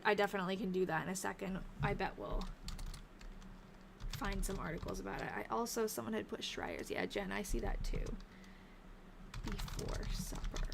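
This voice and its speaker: With vocal fry in her medium-pitched voice and noisy surroundings, a live-stream host researching old diaries reads old newspaper snippets aloud. She's tired and yawning, thinking aloud and chatting casually to her viewers.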